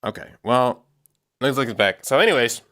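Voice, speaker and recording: A man's voice: medium pitch, animated, moderate pace, a bit bright. A man livestreaming while he works, chatting casually and thinking aloud to his viewers. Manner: rambling, thinks aloud, talks to chat.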